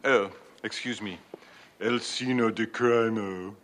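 An actor playing a bumbling, self-important French police inspector in a comedy film, with a put-on French accent and mangled R's. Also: male voice, lowish voice, steady tone, takes it slowly, a bit bright, slight background noise. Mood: pompous.

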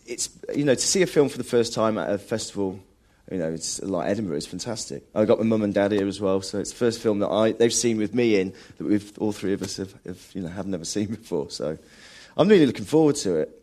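A man's voice: fairly low pitch, animated, quick pace, hardly any pauses, dark tone. A man, an actor, talking in a live radio interview and often restarting while searching for words. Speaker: actor, studio guest. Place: live radio broadcast at a film festival.

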